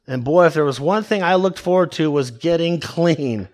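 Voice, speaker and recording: Man, pastor, preaching, emphatic and conversational, high-pitched voice. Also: normal speed, darkish tone. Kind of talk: sermon.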